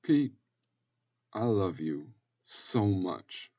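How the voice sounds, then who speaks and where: A man voicing a loving older woman who tucks a young foster boy into bed, speaking gently and soothingly. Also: fairly low pitch, lively intonation, moderate pace, slightly rough. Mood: tender.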